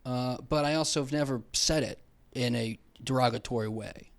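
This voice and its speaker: A man's voice: medium pitch, normal speed. A young man hosting a comedy podcast, ranting in a profane, rambling, sarcastic way, speaking into a mic with headphones on. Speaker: podcast host. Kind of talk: comedic rant. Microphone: headphones and studio mic.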